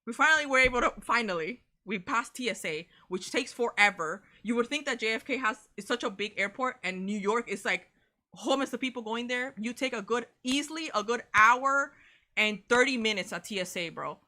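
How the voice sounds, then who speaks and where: A young woman, co-hosting a casual chat and telling a story in an animated way, swearing freely and saying "bro" a lot. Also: on the high side, fairly quick. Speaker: co-host of a reaction channel.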